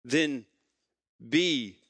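A man's voice: mid-range voice, very slow, fairly bright tone, no echo. A man preaching a sermon as a pastor, telling stories in a conversational way and repeating phrases for emphasis.

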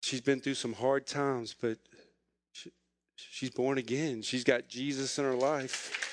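A man's voice: mid-range voice, level tone, takes it slowly, no echo. A middle-aged man, a pastor, preaching a sermon through a personal story, speaking earnestly and with emotion.

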